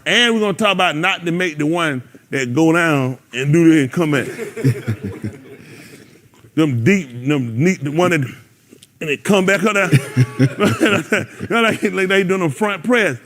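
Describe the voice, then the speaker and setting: A man leads a Bible class in a loose, joking way, teasing his listeners and laughing between points. His voice sits a little high for a man. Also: lively intonation, slow, a bit bright. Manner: banters loosely with the congregation, laughs often. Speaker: teacher leading a Bible study.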